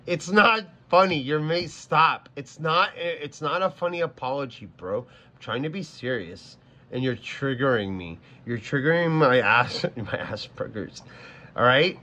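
A man's voice: on the high side, animated, unhurried, bright, forceful tone. A man streamer talking casually to his chat, flustered and stammering as he repeats himself. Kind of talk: casual livestream talk to chat.

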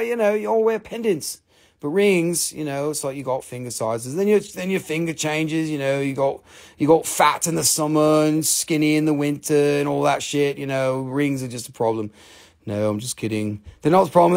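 A man's voice: a little high, creaky. A man hosting a casual live stream selling rocks and minerals, rambling and joking with plenty of swearing. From Appalachian Valley, USA. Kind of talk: casual live sales chat.

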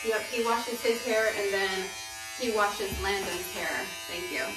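A woman with a medium-pitched voice and measured pace co-hosts a casual home vlog; she's a brand co-founder, chatting with lots of "um" and "like." It was recorded in a room at home during lockdown, echoey, with a distant mic and background noise.

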